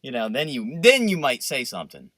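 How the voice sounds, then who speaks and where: Bright-voiced guy ranting and cussing on a podcast, dry close sound. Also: mid-range voice, a little fast, dry recording. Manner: riffing, profane, animated rants. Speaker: podcast co-host. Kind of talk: casual podcast banter.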